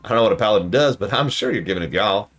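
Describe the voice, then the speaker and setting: A man's voice: lowish voice, lively intonation, rapid-fire, a bit bright, faint music behind. A man voicing a friendly, folksy woman who runs a diner, reading game dialogue aloud on a stream in a chatty way with country slang.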